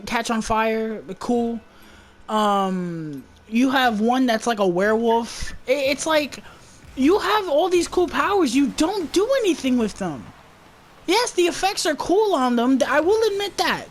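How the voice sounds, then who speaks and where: A woman's voice: high-pitched, slight background noise. A woman giving a casual movie review, rambling and swearing in an exasperated rant. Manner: rambling, profane, exasperated ranting.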